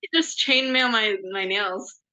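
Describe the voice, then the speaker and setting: A woman's voice: a little high, a little slow, bright, forceful tone, rough recording. A young woman co-hosting a podcast in casual chat, rambling and self-deprecating. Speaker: podcast co-host.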